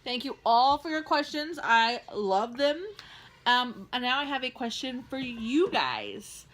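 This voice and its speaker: A woman's voice: on the high side, big pitch swings, measured pace, a bit bright. A woman co-hosting a casual home vlog, chatty and bubbly, sometimes stretching her words out. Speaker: co-host. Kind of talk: casual chat. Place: home in Texas.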